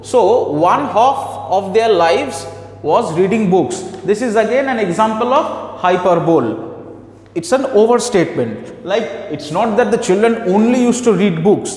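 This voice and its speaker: High-voiced male teacher in an echoey room. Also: a little mellow. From India. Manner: explains slowly and repeats key terms, with fillers. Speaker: English teacher. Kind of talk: explaining a poem to students.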